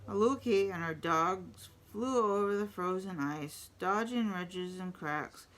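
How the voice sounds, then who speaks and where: A woman reading a picture book aloud in a steady storytelling voice. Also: fairly low pitch, slow, rough recording.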